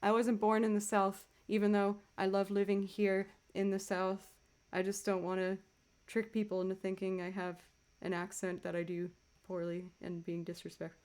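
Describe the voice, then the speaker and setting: A woman's voice: medium pitch, monotone, normal speed, darkish tone, smooth. A young woman, a musician livestreaming, chatting casually and greeting her viewers by name.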